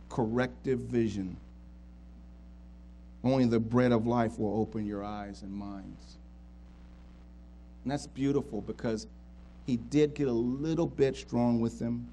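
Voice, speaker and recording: A man preaching a sermon as a pastor, swinging from hushed tenderness to loud pleading questions. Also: mid-range voice, a little hiss or hum.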